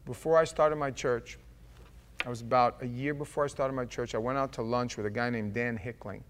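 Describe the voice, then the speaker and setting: A man's voice: mid-range voice, fairly even intonation, a little fast. A male pastor preaching a conversational, emphatic sermon, often turning directly to his congregation.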